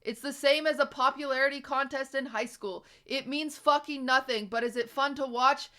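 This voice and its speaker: A young woman streaming live, her voice high and bright as she rants at her chat. She sounds exasperated and swears freely, pressing each point with emphatic repetition. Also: steady tone, normal speed.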